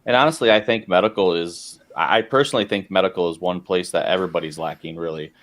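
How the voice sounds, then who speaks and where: A man's voice: low-pitched, fast, fairly bright tone, slight background noise. A man co-hosting a podcast, chatting casually and rambling through anecdotes. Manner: rambling anecdotes with acted quotes. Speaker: podcast co-host. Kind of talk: casual chat, storytelling.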